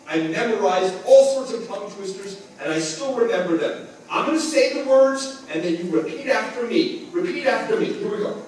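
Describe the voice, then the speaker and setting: A man with a high, bouncy voice performs for a room of schoolchildren, whooping and leading them through chants and tongue twisters. He sounds distant from the camera, and his voice rings around a very reverberant school hall. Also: a little hiss or hum. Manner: playful, animated, with whoops and call-and-response chants. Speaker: visiting children's author. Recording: very echoey hall, voice from far off.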